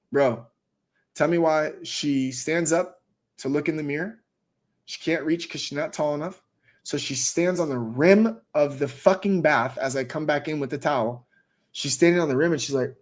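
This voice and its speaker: A man's voice: fairly high pitch, moderate pace. Dude on a stream telling a story about his kid, swears a ton, keeps saying bro. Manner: animated, profane, says "bro" a lot. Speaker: stream host. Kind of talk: casual storytelling chat.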